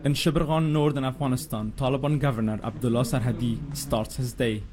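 A man delivering a scripted news report as a correspondent, in a measured, formal way. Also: mid-range voice, steady tone.

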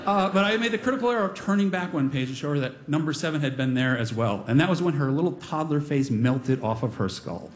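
A middle-aged man tells a story on stage with wry, self-deprecating comic timing. His voice sits a bit high for a man and swings widely in pitch. A faint hum of ambience stays under him. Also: animated, fast, few pauses. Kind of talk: live personal storytelling. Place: stage before a live audience.

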